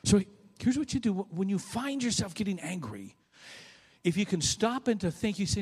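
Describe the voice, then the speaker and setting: Animated preaching man in a reverberant hall. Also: high-pitched, moderate pace, husky. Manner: animated preaching, swinging from loud bursts to quiet asides. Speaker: pastor. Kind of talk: sermon.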